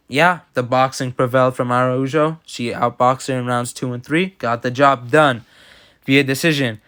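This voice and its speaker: A man's voice: medium pitch, a bit bright, clean tone. A man giving casual, blunt and opinionated reactions to fight results as commentator. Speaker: MMA commentator.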